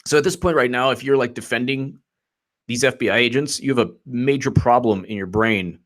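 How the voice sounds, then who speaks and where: A man's voice: medium pitch, fairly quick, a bit bright. A man giving rambling, sarcastic political commentary on a livestream, often mocking quotes in put-on voices.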